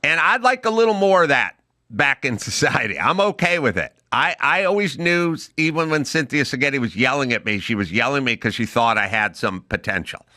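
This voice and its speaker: A middle-aged man hosting a casual talk show, telling stories in a lively way and acting out the voices of people in them. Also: medium pitch, fairly quick, no echo, clean studio sound. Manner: animated storyteller, acts out loud impressions of a yelling teacher. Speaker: podcast host. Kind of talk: casual chat.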